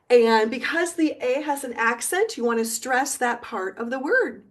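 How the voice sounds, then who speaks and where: A middle-aged woman teaching a video lesson, encouraging and repeating words slowly for learners, now and then singing along. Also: high voice, animated, fairly bright tone. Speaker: Spanish teacher.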